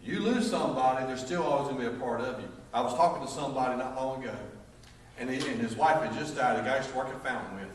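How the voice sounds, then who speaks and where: Man, Southern accent, middle-aged pastor, jokey sermon storytelling, distant mic, booming church echo. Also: fast. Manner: folksy, jokey storyteller, acts out voices. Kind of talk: sermon with humorous stories. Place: church sanctuary. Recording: echoey church from far off, faint noise.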